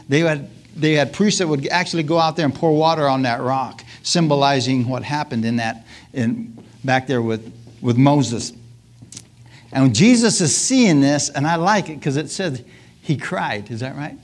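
A man's voice: a little high, moderate pace. Man preaching with hallelujahs and laughter. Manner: call-and-response asides, frequent hallelujahs and laughs; acts out scripture scenes in lively voices. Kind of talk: sermon.

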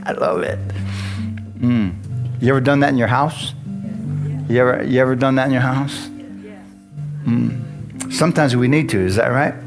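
Male pastor, middle pitch, chatty preaching with questions to the congregation, guitar playing under him. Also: moderate pace, pauses often. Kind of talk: sermon. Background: guitar music.

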